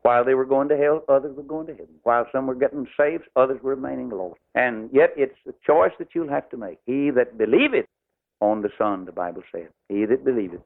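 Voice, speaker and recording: A man's voice: mid-range voice, brisk, gravelly. A man preaching a revival sermon in a folksy, emphatic way. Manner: folksy, emphatic, acts out voices in his stories. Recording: tinny phone-like old recording.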